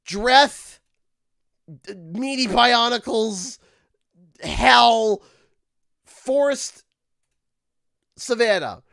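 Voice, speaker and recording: A Canadian man streaming a game, ranting with sarcasm and bursts of shouting. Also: extremely high pitch, expressive, very slow, creaky, long pauses, dry recording, clean studio sound. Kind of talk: gaming livestream commentary.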